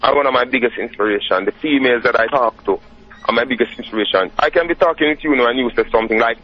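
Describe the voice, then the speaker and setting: A Jamaican dancehall artist talking casually as an interview guest, relaxed and often asking "you know what I mean". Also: male voice, medium pitch, fast, husky, faint music behind. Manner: laid-back, says "you know what I mean" a lot. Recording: dull lo-fi radio recording.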